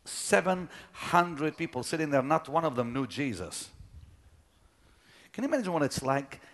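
A middle-aged preacher telling a personal story in a sermon, dropping to a hush and then rising to shouts. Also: male voice, on the high side, sing-song, moderate pace. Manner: dramatic, swings from hushed to shouting.

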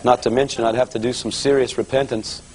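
A man preaching to a church audience, telling his conversion story in a lively storytelling manner and acting out the voices of others. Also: mid-range voice, quick pace, low-quality recording. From Los Angeles area. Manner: animated storyteller, voices quotes, rising excitement. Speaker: guest preacher giving testimony. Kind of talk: sermon testimony storytelling.

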